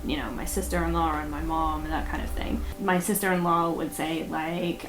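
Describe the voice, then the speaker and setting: A woman's voice: lowish voice, steady tone, moderate pace, hardly any pauses. A young woman in a personal vlog, talking candidly and a bit rambling, with frequent fillers and nervous laughs. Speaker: vlogger.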